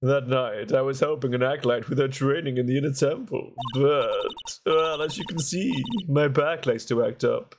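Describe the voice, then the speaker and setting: A man's voice: medium pitch, normal speed, few pauses, lightly acted. A brash, chatty older nun who teases everyone in the room, as a man puts her on in a game playthrough. She talks in a bold, cheeky way. The recording carries a noisy background.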